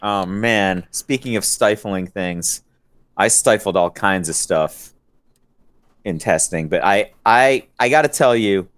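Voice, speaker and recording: A middle-aged man co-hosting a casual podcast chat, telling animated stories and acting out the voices of people he quotes. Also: lowish voice, takes it slowly, no room sound. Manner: animated storyteller, acts out quotes. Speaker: podcast co-host.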